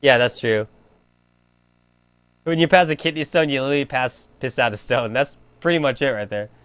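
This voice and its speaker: A man's voice: medium pitch, moderate pace, fairly bright tone, clear, resonant tone, dry recording. A young man streaming a game, rambling in crude casual chat full of filler "like". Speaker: gaming streamer.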